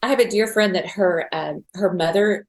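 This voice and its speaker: A middle-aged woman being interviewed on a podcast speaks with a mid-range voice at a moderate pace. She comes across as earnest and emotional, at times close to tears.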